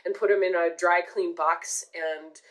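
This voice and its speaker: A woman telling a long personal story in casual podcast chat, animated and swearing casually. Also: fairly low pitch, a little slow, poor audio.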